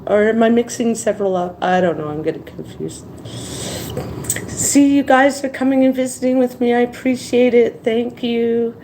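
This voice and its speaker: A woman's voice: a little high, steady tone, moderate pace, noisy background. A tired woman hosting a casual live stream, rambling between topics and reading viewer comments aloud. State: tired after crying.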